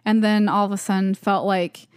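A young woman co-hosting a podcast spins creepy stories in a rambling, casual way, saying "like" a lot. She keeps a flat delivery at medium pitch and normal speed, with a clean tone and clean, echo-free studio sound.

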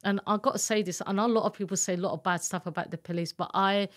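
An abuse survivor, guesting on an interview, races through her emotional personal story, candid and earnest as she performs the voices of people she quotes. Her medium-pitched voice is fairly bright, with fairly even intonation.

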